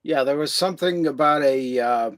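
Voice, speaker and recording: A man's voice: mid-range voice, normal speed. A man co-hosting a casual talk show, mostly agreeing and adding short asides. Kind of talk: casual chat.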